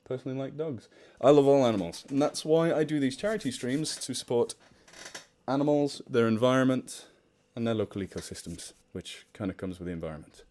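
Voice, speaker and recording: A man's voice: medium pitch, fairly quick, mellow. Chatty man with a transatlantic accent. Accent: mixed British-American. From United Kingdom. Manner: chatty and self-deprecating, laughs often, reads chat aloud. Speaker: charity livestream host and story narrator. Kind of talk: casual livestream chat. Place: home room with fish tank near the mic. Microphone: desktop microphone.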